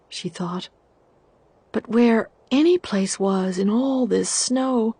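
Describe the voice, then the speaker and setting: Slow, expressive woman storyteller. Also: fairly high pitch, husky, no echo. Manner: expressive, deliberate reading. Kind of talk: storybook narration.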